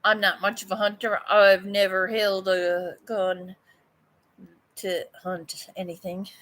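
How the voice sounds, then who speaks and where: Slow-talking bright Newfoundland woman. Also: medium pitch, flat delivery. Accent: Newfoundland English. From Newfoundland, Canada. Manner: blunt, swears freely, laughs often. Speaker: artist vlogger. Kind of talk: casual live chat to viewers.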